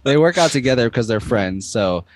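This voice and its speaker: A man's voice: medium pitch, moderate pace, no echo. A man co-hosting a casual chat, telling stories and acting out what people said. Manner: animated storytelling, acting out quotes. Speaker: podcast co-host.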